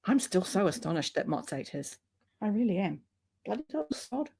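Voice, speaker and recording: A woman hosting a relaxed chat. She talks in a chatty, easy way and laughs often. Her voice sits at a middle pitch. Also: fairly quick, gravelly, breathy edge. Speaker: host. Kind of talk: casual chat.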